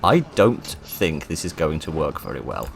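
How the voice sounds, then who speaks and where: A man giving let's play commentary, excitable and self-mocking, reading game lines aloud in put-on voices. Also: very deep voice, moderate pace, vocal fry, over music. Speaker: gaming video host.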